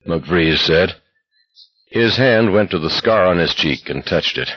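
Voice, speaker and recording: A man narrates an audiobook in a steady, measured way. His voice sits low and husky. The sound is dry and slightly muffled. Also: no echo. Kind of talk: scripted narration.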